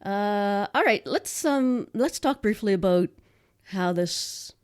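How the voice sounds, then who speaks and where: A woman's voice: mid-range voice, animated, slow, darkish tone, clean tone. A woman with a Nova Scotian accent, co-hosting a podcast from home in a casual, chatty way with frequent restarts. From Canada. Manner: chatty, laughs easily, many restarts. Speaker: podcast co-host.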